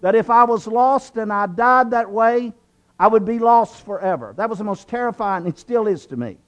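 A man's voice: sits high, animated, normal speed. A man from southwestern Virginia, telling his conversion story in an earnest, preacherly way and repeating phrases for emphasis. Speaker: guest telling his testimony. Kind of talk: preacherly testimony.

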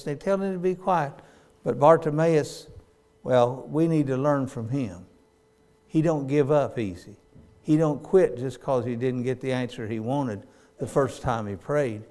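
Folksy older preacher with a twang. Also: male voice, medium pitch, unhurried. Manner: folksy storytelling preaching with sudden loud cries. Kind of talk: sermon.

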